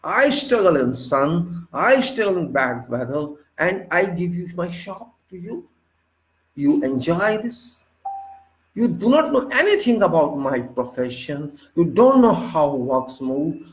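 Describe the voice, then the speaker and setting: A fairly high-pitched man with an Indian accent lectures off the cuff on engineering practice. He speaks forcefully and with indignation, firing rhetorical questions to drive home each point. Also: sing-song, slow pace, roomy sound, low-quality recording. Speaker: civil engineering instructor. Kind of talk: unscripted lecture monologue.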